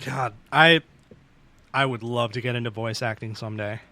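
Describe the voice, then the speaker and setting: A man's voice: mid-range voice, fairly even intonation, moderate pace, pushed and bright, no echo. A young man co-hosting a podcast, chatting eagerly about video games with lots of swearing. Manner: enthusiastic gamer talk, heavy swearing. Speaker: podcast co-host. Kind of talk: casual chat.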